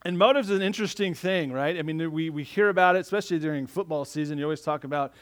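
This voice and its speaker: A man's voice: fairly high pitch, quick pace. A man preaching a sermon as a pastor, talking conversationally and often checking in with the listeners. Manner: conversational, frequent tag questions.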